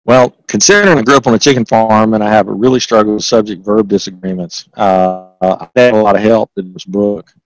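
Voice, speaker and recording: A man's voice: lowish voice, steady tone, fairly quick, few pauses, no echo, low-quality recording. A man with a Southern accent, talking as an interview guest in a folksy, rambling way, full of restarts, and turning emphatic when he makes a point. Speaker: interview guest, author and accountant. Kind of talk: casual interview talk.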